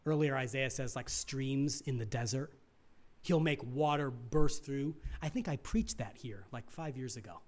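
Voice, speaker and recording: A middle-aged male pastor preaching a sermon, asking the congregation questions and swinging from loud emphasis to near hushed asides. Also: mid-range voice, measured pace.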